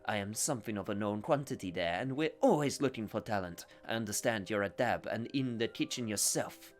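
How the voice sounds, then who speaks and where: A man's voice: mid-range voice, normal speed, lightly acted. A man voicing a boisterous sea-faring guildmaster cook in a game, boastful and hearty, with a failed French accent.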